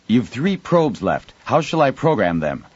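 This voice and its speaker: A man's voice: mid-range voice, big pitch swings, measured pace, husky, no echo, muffled recording, pitched above the performer's own voice. A man voicing a woman officer stranded aboard a crippled starship, keeping her replies level and dutiful. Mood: steady.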